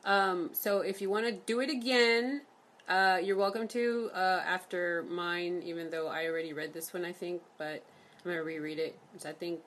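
A woman's voice: on the low side, steady tone, fairly bright tone. A woman hosting a poetry session over a video call, chatting casually and reading her own rhyming poem. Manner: chatty, full of fillers, reads rhymes briskly.

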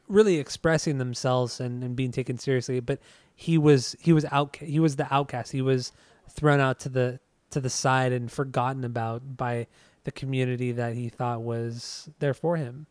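A man's voice: mid-range voice, a little mellow, clear, resonant tone, no room sound. A man co-hosting a podcast who explains things in a tentative, hedging way. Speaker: podcast co-host. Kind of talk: casual chat.

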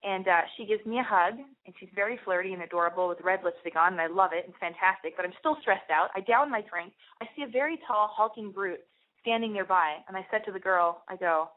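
Brief: young woman radio host, animated and foul-mouthed storyteller, thin phone-band sound. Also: mid-range voice, fairly quick, narrow, tinny audio. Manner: animated, profane, rambling with many restarts. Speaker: radio show host taking calls. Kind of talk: casual storytelling monologue.

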